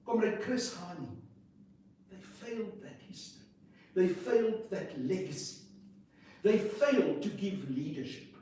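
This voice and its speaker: A man, speaking as an interview guest in a forceful, indignant way, piling up rhetorical questions. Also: high voice. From South Africa. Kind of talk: impassioned political interview. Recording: echoey room, distant mic, faint noise.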